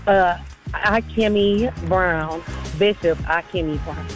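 A woman calls in to a radio show and eagerly shouts out her church. Music plays clearly underneath her voice. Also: on the low side, takes it slowly. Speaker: caller. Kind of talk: phone call shout-out.

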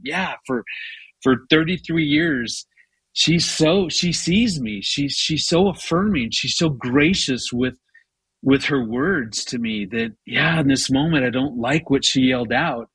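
A man's voice: a little high, fairly bright tone, husky, dry recording. A man in his fifties, a guest on an interview show, telling a personal marriage story in an earnest way, often restarting his words. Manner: earnest, many repeated false starts.

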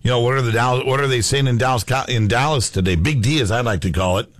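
A man's voice: medium pitch, fast talker, no echo. A man co-hosting a sports talk show, casual and jokey, bantering with his partner. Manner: jokey, banters, throws in put-on accents. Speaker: sports radio co-host.

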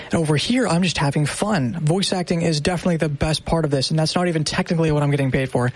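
A man's voice: a little high, fast talker, no echo. Upbeat, chatty young man. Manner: upbeat, self-deprecating, chatty. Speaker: military radio producer and voice actor. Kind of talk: casual chat.

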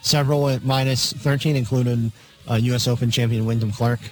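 A man reading sports betting lines on a radio show, matter-of-fact, with halting fillers. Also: medium pitch, steady tone, rough recording.

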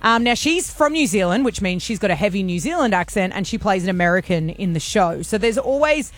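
A woman's voice: medium pitch, lively intonation, a little fast. An Australian woman co-hosting a radio show, chatting and teasing her co-hosts. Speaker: radio co-host. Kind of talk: casual radio banter.

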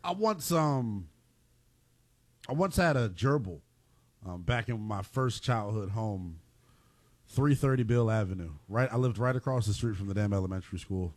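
A man co-hosting a casual chat, animated and jokey, quick to laugh. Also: fairly low pitch, dry recording. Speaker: podcast co-host.

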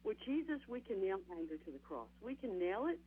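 A woman's voice: medium pitch, sing-song, a little fast, slightly rough. Woman preaching over a tinny line. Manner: emphatic, repeats key phrases, addresses listeners as my friends. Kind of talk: sermon. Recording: narrow phone-line radio broadcast sound.

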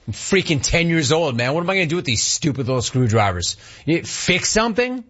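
Man, forties, from southern california, sports talk host, lively swooping pitch, slightly dull lo-fi sound. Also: fairly quick, few pauses. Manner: animated, rambling storyteller who mimics his dad. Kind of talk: casual sports talk with live chat.

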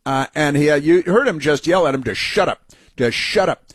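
A man's voice: a little high, lively intonation, moderate pace, slightly rough, no room sound. Sarcastic male talk host, dry studio sound. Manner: mocking, sarcastic running commentary. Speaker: radio talk show host. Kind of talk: political commentary over clips.

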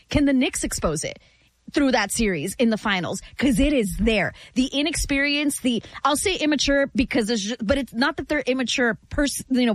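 A woman co-hosting a sports show, playful and quick to laugh, also reading out scores. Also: on the high side, no echo. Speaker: sports show co-host and news reader. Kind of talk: casual sports talk and score updates.

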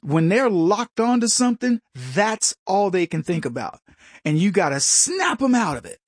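An American man with a high, husky voice gives a forceful, very animated opinion monologue at a normal speed. He stumbles, restarts his sentences, and slips into mocking voices for other people. The recording is close and dry, with no echo.

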